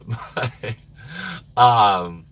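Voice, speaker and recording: A man hosting a live stream chats in a loose, rambling way, laughing and losing his train of thought. His voice is bright and slightly husky, and it swoops up and down in pitch. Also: no echo. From Minnesota. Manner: rambling, laughs often, trails off. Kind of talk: casual live stream chat.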